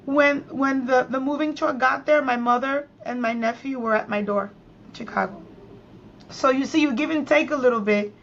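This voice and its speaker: A woman's voice: a little high, normal speed. A middle-aged woman from New York, a podcast guest, telling a personal story with emphatic, repeated phrases. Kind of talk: emotional personal storytelling in conversation. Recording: slightly dull lo-fi sound.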